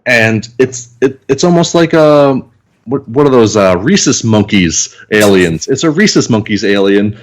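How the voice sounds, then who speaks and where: A mid-pitched man recaps a movie on a podcast, swearing freely as he goes. He tells it scene by scene and acts out the characters' lines. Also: lively intonation, unhurried. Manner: profane, vivid blow-by-blow retelling with acted-out quotes. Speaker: podcast reviewer. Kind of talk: casual chat.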